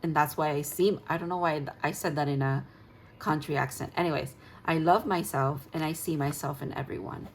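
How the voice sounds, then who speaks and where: A woman's voice: low voice, steady tone, a little fast, creaky, a little hiss or hum, poor audio. A woman tarot reader talking through a casual spoken card reading, dreamy and gushing, rambling with fillers.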